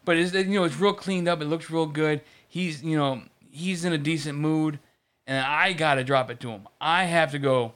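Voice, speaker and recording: A man's voice: a little high, moderate pace, fairly bright tone, smooth. A man in casual chat, telling a long story about work with lots of restarts and swearing. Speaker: podcast co-host.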